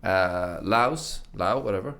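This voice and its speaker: A man's voice: low voice, expressive, slow, gravelly, fairly bright tone. A man with an Irish accent, a podcast guest chatting casually and telling rambling, sweary stories with many restarts. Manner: rambling, sweary storyteller who restarts his sentences. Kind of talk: casual chat.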